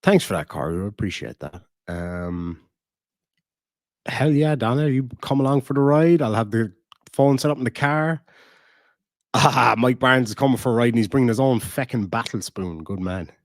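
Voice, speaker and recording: A man's voice: medium pitch, expressive, normal speed, no room sound, studio quality. Blunt, swearing Irish man. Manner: profane, blunt, reads chat aloud. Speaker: livestream host. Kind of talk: casual livestream chat.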